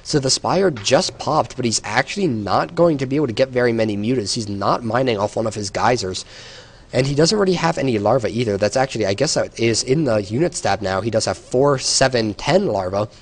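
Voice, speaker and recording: A man's voice: mid-range voice, expressive, brisk. A tired man giving solo play-by-play commentary on a strategy game, explaining the action with some hesitations. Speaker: esports caster.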